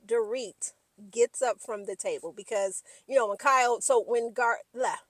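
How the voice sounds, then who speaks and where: A woman's voice: a little high, normal speed, dry recording. A woman giving a casual, slangy recap of reality TV gossip, acting out the quotes in shifting voices.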